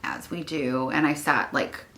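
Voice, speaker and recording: A young woman chats to her camera at home in a loose, rambling way, full of "like" fillers. Her voice sits low yet sounds bright and forward. She gets emotional easily. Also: fairly even intonation, measured pace, creaky. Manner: chatty, rambling, many "like" fillers; emotional, wavering at times. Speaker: vlogger. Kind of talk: casual vlog chat.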